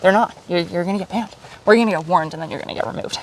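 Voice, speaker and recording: A woman livestreaming as she walks a lakeside trail outdoors, chatting to her viewers in a lively, animated way. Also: lowish voice, very fast, recorded from a distance, slight background noise. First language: Polish. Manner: chatty, animated, talking to chat while hiking. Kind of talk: casual live stream chat.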